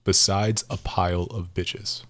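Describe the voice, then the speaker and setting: A young man co-hosting a casual podcast, rambling and excitable, swearing and laughing loudly. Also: sits low, a little slow. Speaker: podcast co-host.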